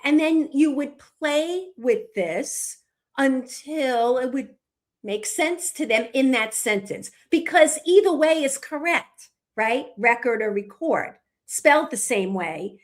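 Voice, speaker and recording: This is a woman co-hosting a podcast. She talks in a high register and takes her time. She explains things patiently, one step after another. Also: expressive, takes it slowly. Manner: patient, walks through examples step by step. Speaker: podcast co-host explaining reading instruction.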